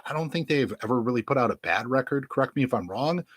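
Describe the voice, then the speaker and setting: A man's voice: mid-range voice, lively intonation, fast talker. A man casually showing off his vinyl records to camera, rambling and joking crudely as he talks straight to his viewers through a webcam. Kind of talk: casual unboxing chat to camera.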